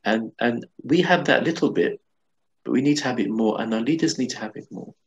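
A man speaks as an imam guest in an interview. His voice is gravelly at an ordinary pitch, and he talks earnestly, circling back and restarting his phrases. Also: brisk, lo-fi sound. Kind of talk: conversational interview.

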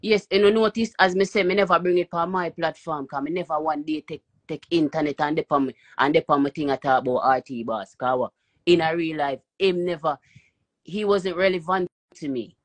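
A man's voice: a little high, a little fast. A man with a Jamaican accent, cursing and emphatic as he rants on a phone live stream. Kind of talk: heated live-stream rant.

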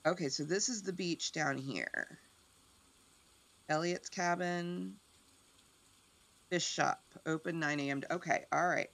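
Chatty gamer woman, talks to herself a lot, gravelly voice, pitch all over the place. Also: slow pace, long pauses. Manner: chatty, self-deprecating, excitable. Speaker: streamer. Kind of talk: casual game commentary.

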